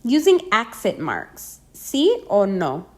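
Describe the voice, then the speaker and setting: A woman teaching a pronunciation lesson, reading out example words slowly and carefully. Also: medium pitch, wildly swooping pitch, a little mellow. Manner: slow, careful, spells out sounds and repeats example words. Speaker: language teacher.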